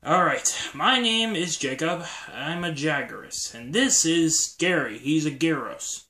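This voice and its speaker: A man's voice: on the high side, animated, unhurried, reverberant, exaggerated voice. A man whispering as Jacob, a bossy dinosaur crook. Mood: pleading. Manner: hushed and scolding, then pleading. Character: bossy, nervous male dinosaur scammer. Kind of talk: whispered role-play.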